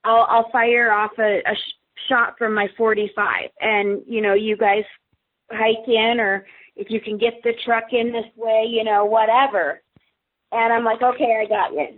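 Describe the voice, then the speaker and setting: A woman's voice: on the high side, unhurried. A woman guest telling a story in casual chat, acting out what people said. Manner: lively, acts out quoted dialogue. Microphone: phone. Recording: tinny phone line.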